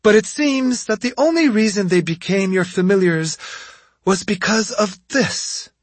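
A man voicing a determined young woman in an audiobook, lifting his voice lighter and higher, husky and dry. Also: unhurried, no room sound. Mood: defiant.

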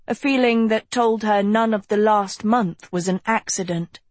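A woman narrating a storybook in a measured, steady way, close to a studio mic. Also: mid-range voice, dry recording. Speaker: audiobook narrator.

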